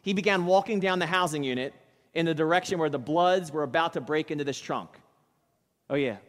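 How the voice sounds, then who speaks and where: A male pastor preaching in church, spinning a dramatic story with emphatic punches. His voice runs high for a man, and a long reverb from the hall trails each phrase. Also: brisk. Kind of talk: sermon.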